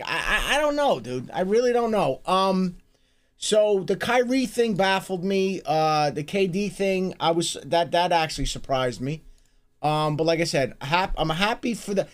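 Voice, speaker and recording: A man co-hosting a live stream, talking sports in a casual, animated way, swearing and stumbling over restarts. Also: sits high. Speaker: streamer co-host.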